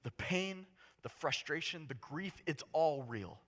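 A man preaching a sermon as a pastor, impassioned and swinging between hushed storytelling and loud, urgent delivery. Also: a little high, expressive, a little slow.

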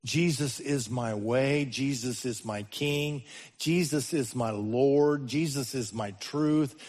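A man preaching a sermon as the pastor, his voice swinging between sudden loud rises and slow, hushed drops. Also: mid-range voice.

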